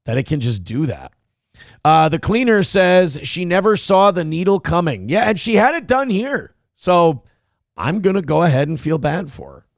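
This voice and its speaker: A man's voice: high-pitched, creaky, dry recording, studio quality. A man hosting a live-streamed commentary show, rambling and joking crudely while reading out chat comments. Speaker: host.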